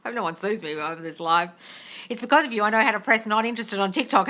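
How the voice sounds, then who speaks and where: A woman's voice: medium pitch, very fast, sharp tone. A woman hosting a live stream, reading viewer comments aloud and answering them bluntly, swearing freely and calling viewers darling. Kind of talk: casual chat reading comments.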